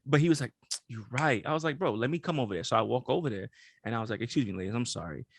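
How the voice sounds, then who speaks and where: A man's voice: mid-range voice, racing, no echo. A young man co-hosting a podcast, telling stories in casual slang-filled chat and laughing often. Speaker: podcast co-host.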